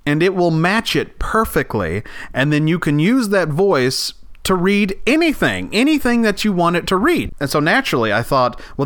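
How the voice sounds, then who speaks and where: A man hosting a comedy podcast talks in an excitable, casual way, close on a studio mic. His voice sits fairly high and sounds smooth and clear. The sound is dry. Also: dry recording. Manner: excitable, animated, laughing at his own material. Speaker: podcast host. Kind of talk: casual chat.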